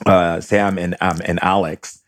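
Chatty man telling animated stories. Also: sits low, a little slow. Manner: animated storyteller, mimics voices, many fillers. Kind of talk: casual chat.

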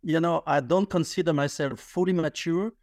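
A man in his fifties, a podcast guest telling a personal story in lively conversation, laughing often and restarting his sentences. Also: on the high side, normal speed, no room sound, clean studio sound.

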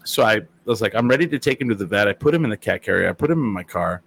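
A man's voice: on the low side, animated, very fast, gravelly, a bit bright, a little hiss or hum. A man telling a rambling, laughing story in casual chat, swearing freely.

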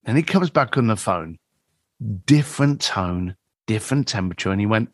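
A man telling a story in conversation, animated and acting out other people's voices. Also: on the low side, normal speed, no room sound, studio quality.

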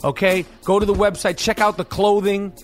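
A middle-aged man hosting a podcast, telling a rambling, profane story full of slang and excitement. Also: sits high, moderate pace, soft background music. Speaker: podcast host. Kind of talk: casual storytelling monologue.

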